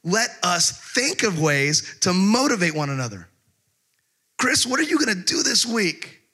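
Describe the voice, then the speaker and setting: A middle-aged male pastor delivers a conversational sermon, sliding from funny everyday stories into slow, emphatic readings of scripture. His voice sits a little high and sounds bright and forceful. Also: very animated, slightly rough. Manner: conversational storytelling with humor; slows down to stress scripture.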